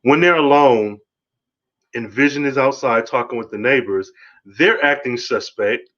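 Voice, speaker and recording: A man hosting a podcast, giving a casual, rambling solo review of a TV episode, excitable and swearing freely. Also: medium pitch, a little slow, muffled recording.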